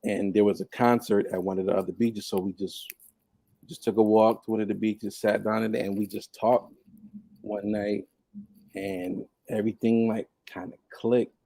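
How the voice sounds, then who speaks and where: A man telling a personal story on a podcast in a casual, animated way, laughing often and mimicking others. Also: on the low side, moderate pace, vocal fry, no echo. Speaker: podcast guest.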